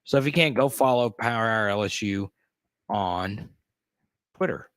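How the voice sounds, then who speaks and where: A man hosting a casual livestream, chatting with viewers and greeting them by name with bursts of excitement. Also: fairly low pitch, measured pace, no room sound, clean studio sound. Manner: excitable, greets chatters loudly, many restarts. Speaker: host.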